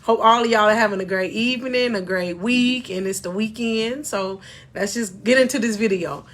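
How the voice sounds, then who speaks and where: A woman's voice: medium pitch, normal speed, fairly bright tone. A middle-aged woman gives a faith-based motivational talk to camera as a life coach, emphatic and preachy, calling her viewers "y'all.".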